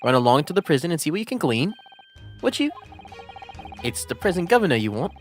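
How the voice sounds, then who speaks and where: A vain, pompous gentleman detective, voiced by a man reading a game aloud. He talks in a lofty, theatrical tone, a touch higher and louder than plain speech, with faint music behind. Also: big pitch swings, fairly quick. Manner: lofty, theatrical, raised pitch. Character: pompous eccentric male detective, vain about his hair.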